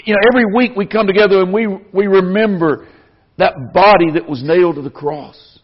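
Earnest high-voiced man preaching. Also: a little fast. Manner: earnest, rising in volume when quoting scripture. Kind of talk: sermon. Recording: dull lo-fi sound.

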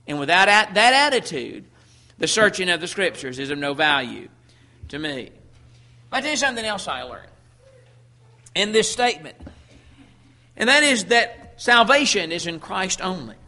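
A man preaching a sermon, emphatic, slowing down when quoting Scripture and often repeating words as he restarts. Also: sits high, bright, forceful tone.

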